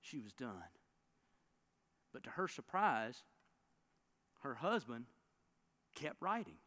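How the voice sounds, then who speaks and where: A man preaching a sermon as a pastor, telling a story with dramatic swings between loud bursts and hushed lines. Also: mid-range voice, sing-song, takes it slowly. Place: church sanctuary.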